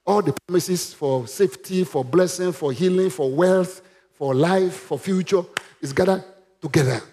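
A man's voice: sits high, moderate pace, dark tone. A man preaching a sermon, emphatic and calling on the congregation to repeat after him. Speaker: pastor.

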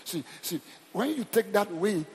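A middle-aged man with a Nigerian accent preaching a sermon, emphatic and animated, repeating phrases and asking the congregation questions. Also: high-pitched, measured pace, a little hiss or hum. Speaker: pastor. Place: church hall. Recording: long church reverb.

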